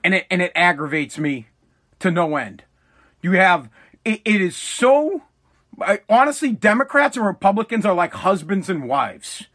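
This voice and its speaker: A man's voice: high voice, very animated, normal speed, fairly bright tone. A man in a fired-up, profane ranting monologue, mocking the people he talks about, recorded at home at night.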